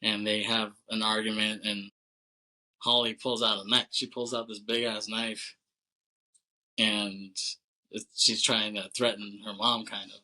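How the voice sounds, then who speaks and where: Bright-toned man recapping a movie. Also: fairly low pitch, level tone, measured pace, low-quality recording. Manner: loose and chatty, heavy on "like", laughs often, swears. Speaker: podcast co-host.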